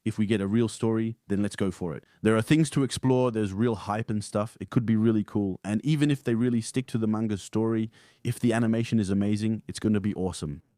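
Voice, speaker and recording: A man's voice: lowish voice, quick pace, warm tone, no echo, clean studio sound. A man co-hosting a podcast in casual chat, blunt and opinionated in how he talks. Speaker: podcast co-host.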